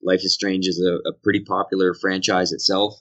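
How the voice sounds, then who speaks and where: A man's voice: low voice, level tone, a little fast, a bit bright, rough recording. A man with a Boston accent, a voice actor guest talking candidly and with self-deprecating humour in an interview from a dry hotel room.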